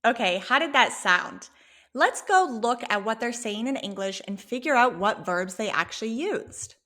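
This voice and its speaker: Woman teaching spanish, bright high-ish voice, patient and clear. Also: expressive. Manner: clear, patient, slow when modeling Spanish phrases. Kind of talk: language lesson, explaining dialogue.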